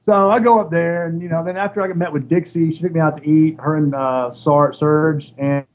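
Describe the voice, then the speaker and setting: A former wrestler, appearing as an interview guest, tells a casual story in an animated way, acting out the voices of the people he quotes. His pitch is fairly high and his pace moderate. The recording sounds dull and lo-fi, with faint noise.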